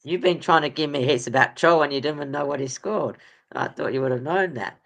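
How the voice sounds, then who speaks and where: A man's voice: fairly high pitch, fairly quick, vocal fry, a bit bright. Rambling man hosting a quiz. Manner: rambling, lots of ums and laughs. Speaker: podcast host running a quiz. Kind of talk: casual chat.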